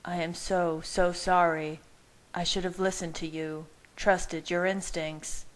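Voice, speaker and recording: A woman voicing a brooding, devoted young husband who speaks in a hushed, choked, apologetic way in her own low voice. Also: flat delivery, slow pace. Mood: remorseful.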